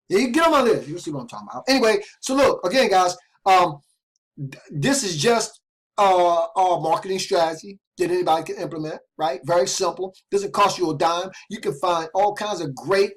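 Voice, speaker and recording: A man hosting an internet marketing video, talking straight to viewers in an excited, casual way, keeps checking in with them. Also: high voice. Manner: loose casual phrasing with repeated restarts. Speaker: host of an internet marketing channel. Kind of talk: casual direct-to-camera talk.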